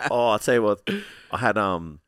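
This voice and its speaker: A man's voice: mid-range voice, sharp tone, dry recording, studio quality. A man co-hosting a podcast in casual chat, blunt and opinionated, teasing his friend. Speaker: podcast co-host.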